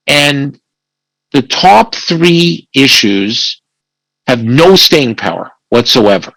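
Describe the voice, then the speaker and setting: Mężczyzna, powolny wykład prawnika. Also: male voice, mid-range voice, lively intonation, slow, gravelly, fairly bright tone, no room sound, poor audio. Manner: acts out quoted dialogue, self-corrects. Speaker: family law attorney presenting. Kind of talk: online presentation with slides.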